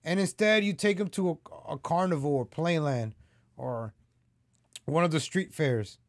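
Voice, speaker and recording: A man's voice: a little high, a little slow, no room sound, clean studio sound. A man hosting his own political commentary vlog, talking straight to his viewers in a heated, repetitive rant. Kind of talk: ranting opinion vlog.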